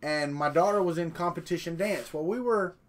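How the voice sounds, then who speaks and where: A man hosts a morning live stream, talking off the cuff in a loose, folksy, rambling way. His voice sits a touch higher than most men's. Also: a little fast. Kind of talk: casual live stream chat.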